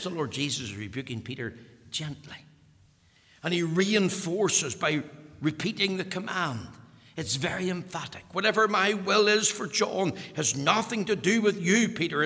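Emphatic preacher man in a reverberant hall. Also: fairly high pitch. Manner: emphatic, repeating phrases, rising to loud peaks. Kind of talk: sermon.

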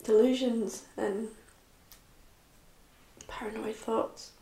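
A young woman speaks quietly into the camera in a confessional vlog, her voice tearful and halting, full of restarts. Her tone is slightly high but flat, with a gravelly fry at the ends of phrases. The room around her is echoey. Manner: halting, many restarts and soft trailing phrases. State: tearful, upset. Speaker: vlogger.

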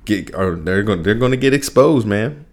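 Animated, low-voiced man ranting on a podcast. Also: moderate pace. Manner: animated, profane ranting with frequent restarts and laughs. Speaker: podcast host.

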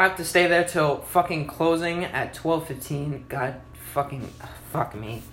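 A young man hosting a podcast from home, rambling casually and cursing, with sudden loud outbursts. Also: fairly high pitch, expressive, takes it slowly. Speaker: podcast host. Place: at home, in his room and kitchen. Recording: echoey room with background noise.

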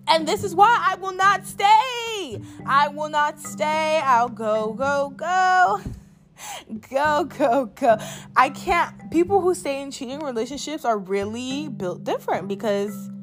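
A young woman delivers a candid vlog rant in a high-pitched voice, blunt and exasperated. She swears freely and circles back to repeat her points for emphasis. Faint music sits under her voice. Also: animated, slow, a bit bright. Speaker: vlogger. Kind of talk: candid opinion rant to camera.

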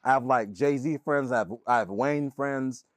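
A man co-hosting a podcast in casual chat, animated, his voice jumping up when he argues, laughing often. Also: mid-range voice, unhurried, no room sound. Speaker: podcast co-host.

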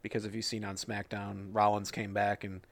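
A man's voice: on the low side, monotone, normal speed, gravelly, no room sound. A man co-hosting a casual wrestling podcast, joking and swearing as he rambles through predictions. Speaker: podcast co-host.

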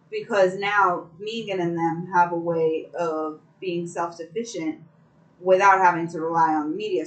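A woman's voice: lowish voice, rough recording. A woman co-hosting a casual chat, opinionated and rambling, with casual cursing.

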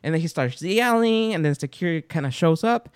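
A man hosting a podcast in casual chat, telling a story with lively acted-out quotes. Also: a little fast, smooth, dry recording, studio quality. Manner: animated storyteller, acts out quotes with big pitch jumps. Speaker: podcast host.

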